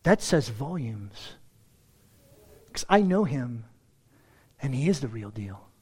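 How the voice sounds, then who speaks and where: A man preaching a sermon as pastor, conversational and animated, talking straight to his congregation. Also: mid-range voice, takes it slowly, husky. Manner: animated, acts out everyday dialogue in different voices; conversational, addresses the congregation directly.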